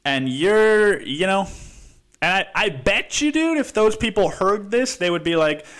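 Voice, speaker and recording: Man, podcast host, casual storytelling, swears a lot, keeps saying dude, fairly high voice. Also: lively intonation, measured pace, a bit bright. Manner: profane, rambling, says "dude" constantly.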